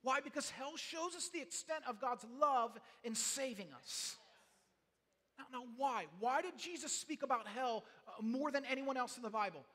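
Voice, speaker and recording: Man, pastor, sermon, high voice, earnest, pleading, restarts words, long hall reverb. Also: normal speed. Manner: builds from quiet talk to passionate shouting.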